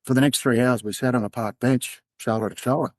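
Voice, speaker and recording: A man with an Australian accent, a podcast guest telling a personal story in a candid, halting way. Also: mid-range voice, steady tone, no room sound. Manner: candid, halting, acts out quoted dialogue. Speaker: podcast guest, former undercover police officer.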